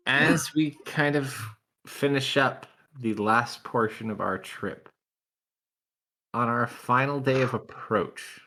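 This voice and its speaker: A man's voice: mid-range voice, slow pace, pushed and bright. A man narrating as game master in a tabletop game, loose and full of fillers.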